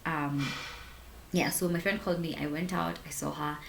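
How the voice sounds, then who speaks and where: A young woman in her twenties with a Kenyan accent, telling a personal story to camera in a chatty, animated way. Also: deep voice, moderate pace, gravelly, background noise. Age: 20s. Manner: chatty, animated, full of "like" and "honestly". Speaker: vlogger. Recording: roomy echo.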